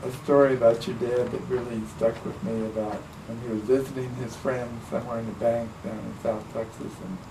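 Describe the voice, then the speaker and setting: A man's voice: mid-range voice, little pitch movement, brisk, few pauses. A man interviewing an older guest for an oral history, prompting him with encouraging questions. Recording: roomy, distant mic with background noise.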